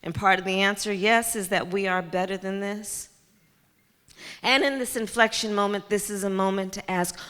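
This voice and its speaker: A woman candidate's mid-range, slightly bright voice carries a campaign speech built on rhetoric and repeated key phrases. She stands before a crowd in a large community center hall, recorded with echoing reverb and a faint crowd behind her.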